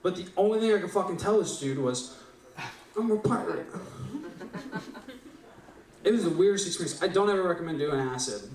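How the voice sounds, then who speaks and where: Young man, stand-up storytelling, profane and rambling, slightly high voice, echoey room, heard from afar. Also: expressive, rapid-fire, a little mellow. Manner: rambling, profane, keeps asking "right?". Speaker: open mic performer. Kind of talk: stand-up storytelling at an open mic. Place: small live venue stage. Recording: echoey room, distant mic.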